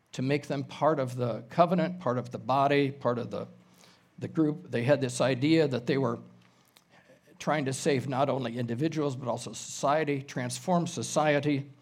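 A man preaching an expository sermon as a pastor, reading scripture aloud and explaining it verse by verse, now and then clearing his throat. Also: mid-range voice, darkish tone.

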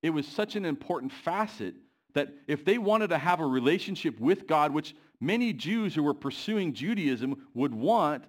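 A man delivering a sermon in a church, often pausing to put questions to the congregation. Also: fairly high pitch, lively intonation. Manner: asks the congregation questions, pacing varies. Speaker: preacher.

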